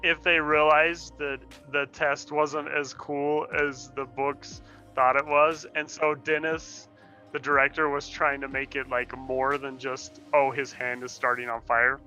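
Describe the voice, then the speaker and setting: A man's voice: mid-range voice, flat delivery, a little slow, pushed and bright, soft background music, low-quality recording. A man co-hosting a casual film podcast, candid and opinionated, chuckling as he makes his points. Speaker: podcast co-host. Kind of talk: casual movie discussion.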